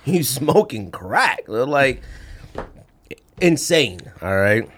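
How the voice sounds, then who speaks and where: A man co-hosting a podcast, talking in casual chat with slang and a mocking, animated delivery. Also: mid-range voice, slow. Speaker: podcast co-host.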